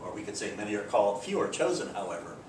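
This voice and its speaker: A man teaching a grammar lecture in a relaxed way, reading out example sentences. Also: very fast. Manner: relaxed, explains with spoken examples and fillers. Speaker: English teacher. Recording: echoey room, distant mic, background rumble.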